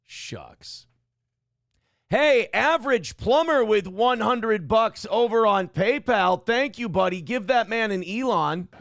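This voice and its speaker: A man's voice: high-pitched, lively intonation, a little slow, hardly any pauses, a bit bright, dry recording, studio quality. A man hosting a live-stream talk show, speaking in a sarcastic, rambling way with many fillers while he reads out viewer chat.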